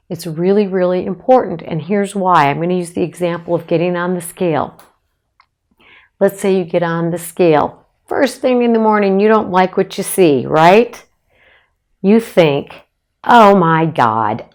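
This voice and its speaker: A woman's voice: mid-range voice, darkish tone. A middle-aged woman psychologist giving a direct-to-camera advice talk, encouraging and emphatic, speaking straight to the listener.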